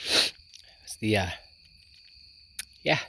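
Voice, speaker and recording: Drawing out words in a bright, forceful tone, a gardening vlogger talks casually to a handheld phone camera while working in a garden and hoop tunnel outdoors, thinking aloud with lots of ums. Slight background noise can be heard.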